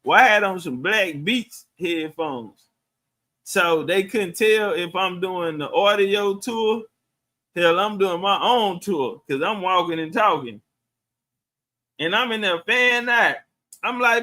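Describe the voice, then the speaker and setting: A man's voice: high voice, slow pace, bright, forceful tone. A middle-aged man chatting loosely on a livestream, profane and answering viewer comments. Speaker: livestream host. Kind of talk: casual livestream chat.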